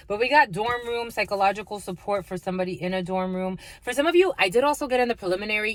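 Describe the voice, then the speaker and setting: A woman's voice: on the low side, no echo. A woman giving a casual spiritual reading, blunt and profane, laughing often and calling listeners her lovies. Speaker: spiritual reader.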